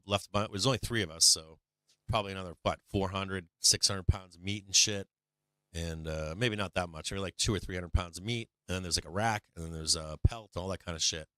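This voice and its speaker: A man's voice: low voice, pushed and bright, clear, resonant tone, dry recording, clean studio sound. A man hosting a live stock market stream, telling a rambling, profane story with lots of fillers between market remarks.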